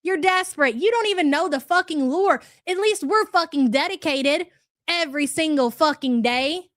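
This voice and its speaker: High-voiced woman ranting on a livestream. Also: expressive, normal speed, a bit bright, no room sound, studio quality. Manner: aggressive, swearing, sarcastic. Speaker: livestream commentary host. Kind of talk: profane livestream rant.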